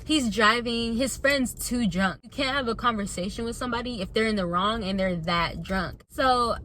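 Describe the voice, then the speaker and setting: A young woman vlogger telling a casual storytime to her viewers, animated and chatty, calling them y'all. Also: a little high, moderate pace, a little hiss or hum.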